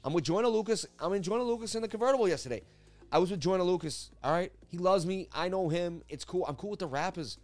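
A man's voice: high voice, quick pace, a little mellow, soft background music, voice pushed up, lightly acted. A man putting on a boastful male movie star with a Boston accent, swaggering and calling the listener babe over and over. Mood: cocky bragging.

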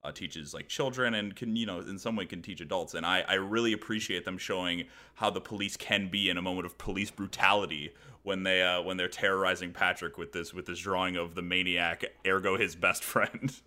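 Bright-voiced man recapping cartoon episodes. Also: low-pitched, a little fast, hardly any pauses. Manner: animated retelling, laughs often, acts out quoted lines. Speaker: podcast co-host. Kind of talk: casual episode recap chat.

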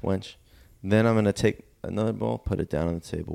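A man co-hosting a podcast, spinning an absurd, escalating revenge story in a deadpan way. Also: lowish voice, a little fast, vocal fry, clear, resonant tone. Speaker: podcast co-host. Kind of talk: casual chat, comic storytelling.

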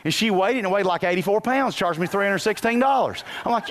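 A man preaching a sermon as pastor, moving from quiet asides to loud bursts and telling folksy, humorous stories. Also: high voice, animated, quick pace, hardly any pauses.

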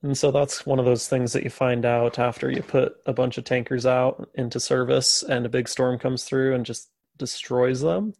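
A man's voice: mid-range voice, fairly even intonation, normal speed, vocal fry, hardly any pauses, darkish tone, no room sound. A man co-hosting a podcast, retelling a story in casual chat with jokey, sarcastic asides. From USA. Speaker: podcast co-host.

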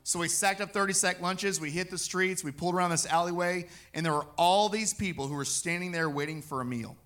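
Bright-voiced man preaching his testimony. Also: high voice, fairly quick. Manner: animated storytelling, acting out his own quotes. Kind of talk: personal testimony sermon.

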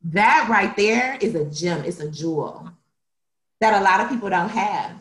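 A woman's voice: mid-range voice, expressive, a little slow, roomy sound. A young woman co-hosting a podcast, talking casually and emotionally about her family and siblings. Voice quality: emotional, tearful at times. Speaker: podcast co-host.

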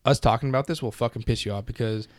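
A man co-hosting a casual podcast, animated and rambling, swearing constantly as he talks. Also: mid-range voice, fast, dry recording, clean studio sound. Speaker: podcast co-host.

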